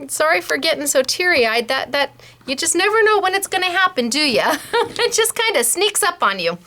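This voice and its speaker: A woman hosting a casual craft tutorial, chatty and bubbly and quick to laugh. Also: very high voice, very animated, bright, forceful tone. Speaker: host of a scrapbooking shop channel.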